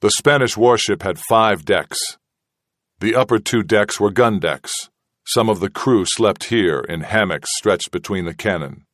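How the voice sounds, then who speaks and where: A man reading an audiobook narration in a steady, measured way. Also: on the low side, dry recording, clean studio sound. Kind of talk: scripted narration.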